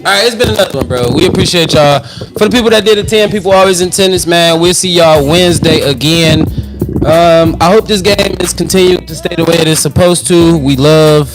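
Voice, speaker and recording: A man's voice: a little high, brisk, music in the background. A man hosting a podcast, talking loose and slangy and half-singing his catchphrases. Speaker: podcast host. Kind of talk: casual podcast sign-off chat.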